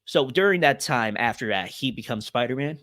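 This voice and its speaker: A man's voice: medium pitch, expressive, fairly quick, a bit bright, no room sound, studio quality. A young man on a podcast, talking casually and rambling with many fillers. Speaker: podcast guest.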